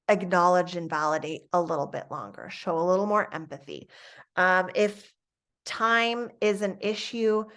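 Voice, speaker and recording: Middle-aged female instructor, calm, measured, step-by-step lecture delivery, mid-range pitch. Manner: calm, explaining step by step, soft acted examples for students. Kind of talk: instructional lecture on classroom coaching.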